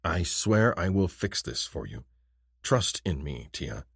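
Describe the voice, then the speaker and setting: A man's voice: deep voice, sing-song, takes it slowly, creaky, breathy edge, no room sound, clean studio sound, heavily acted. A male audiobook narrator voicing a smitten alien chief's son who speaks formally and earnestly. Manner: formal, solemn, no contractions. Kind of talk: audiobook character voice.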